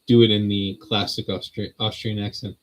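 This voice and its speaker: A man's voice: on the low side, flat delivery, a little slow, rough recording. A man at home hosting a casual on-camera religious teaching, full of joking, sardonic asides. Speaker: host of a Bible teaching channel.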